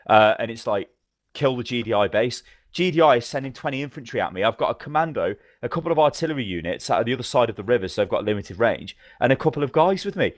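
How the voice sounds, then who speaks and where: A man co-hosting a podcast, telling game stories in a fast, animated, swearing manner. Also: mid-range voice, no room sound, clean studio sound. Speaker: podcast co-host. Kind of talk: casual gaming chat.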